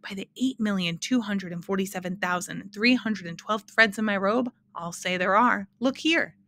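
A woman's voice: mid-range voice, moderate pace, a bit bright, lightly acted. A woman voicing a grand old male wizard of numbers in a storybook, bellowing and proud. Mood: booming.

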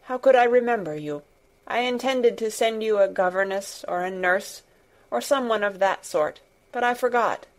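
A woman voicing a tired, distracted middle-aged gentleman who speaks in a worried, absent-minded way. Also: mid-range voice, normal speed, lightly acted. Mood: weary.

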